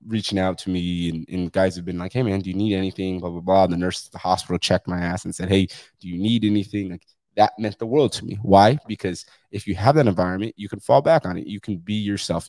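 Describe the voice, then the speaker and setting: Male podcast host, deep low voice, blunt and profane, dry close sound. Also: darkish tone, dry recording. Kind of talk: candid solo podcast monologue.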